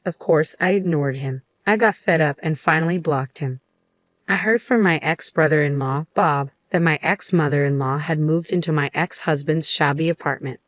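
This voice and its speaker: A woman narrating a scripted first-person story in a steady, even reading voice. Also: low-pitched, normal speed, no echo, clean studio sound.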